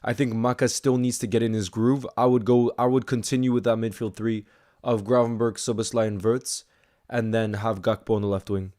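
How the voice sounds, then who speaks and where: A young man at a mid pitch, talking loosely through a live match stream while he answers viewer messages. He stays casual and chatty, then breaks into excited shouts when something big happens. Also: fairly quick. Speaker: football streamer reacting live. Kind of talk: casual live watch-along chat, reading viewer messages.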